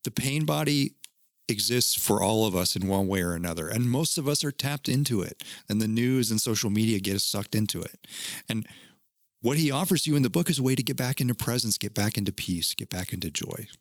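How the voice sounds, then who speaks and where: A man's voice: lowish voice, animated, brisk, dry recording, studio quality. A man hosting a casual podcast chat, talking in an earnest, teacherly way and swearing now and then. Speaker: podcast host.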